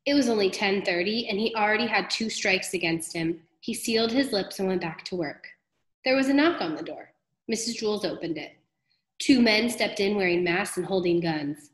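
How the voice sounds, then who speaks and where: A woman reading a children's storybook aloud, expressive and warm in pacing, dropping low on the speaker tags. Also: moderate pace. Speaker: reader. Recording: roomy echo.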